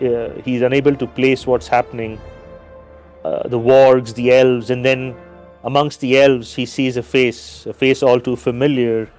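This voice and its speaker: A man playing a tabletop game, narrating his character in a halting way. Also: medium pitch, a little mellow. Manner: halting, filler-heavy. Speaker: player.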